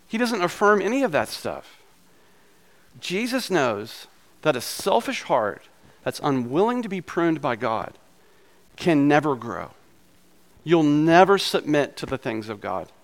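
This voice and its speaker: A male pastor giving a conversational sermon, his voice slightly hoarse from a recent illness, with casual asides in his preaching. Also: a little high.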